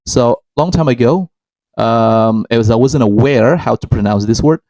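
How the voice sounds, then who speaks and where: Guy co-hosting a learning chat, hesitant, dark mellow voice, dry close sound. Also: medium pitch, measured pace, no room sound, low-quality recording. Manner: hesitant, many ums and restarts, models example phrases. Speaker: podcast co-host. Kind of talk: casual educational chat.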